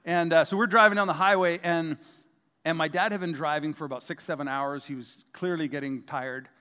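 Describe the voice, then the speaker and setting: Middle-aged male pastor, high voice, jokey self-deprecating sermon delivery, long church reverb. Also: fairly even intonation, brisk, pushed and bright, clean tone. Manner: humorous, self-deprecating storytelling. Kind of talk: sermon with personal stories.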